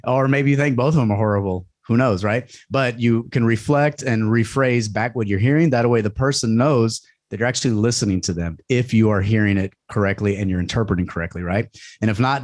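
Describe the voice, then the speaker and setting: A man's voice: lowish voice, brisk, darkish tone, dry recording, studio quality. A man presenting a community workshop, talking in a loose conversational way with many fillers and tag questions.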